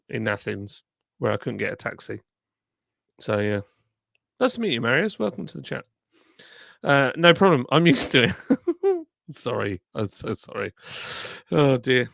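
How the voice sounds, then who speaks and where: A man's voice: medium pitch, vocal fry, fairly bright tone, no echo, studio quality. A tired man, streaming live and reading viewer comments aloud in a rambling, self-deprecating, chatty way.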